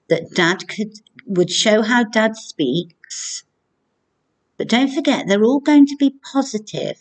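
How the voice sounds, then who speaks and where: A woman primary school teacher giving a recorded video lesson, speaking clearly and encouragingly to children. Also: medium pitch, a little mellow. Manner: slow, clear, encouraging classroom delivery.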